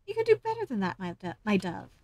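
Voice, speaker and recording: A woman's voice: mid-range voice, wildly swooping pitch, quick pace, darkish tone, no room sound, voice pushed down. A woman voicing a flamboyant male bard in a game, grand and theatrical. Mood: theatrical teasing.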